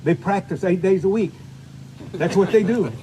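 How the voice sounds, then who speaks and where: An older man with a somewhat high voice gives a golf lesson outdoors. He talks in a folksy, chatty way and keeps pointing students to what he is demonstrating. Faint noise hums behind him. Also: normal speed, warm tone. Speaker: golf instructor.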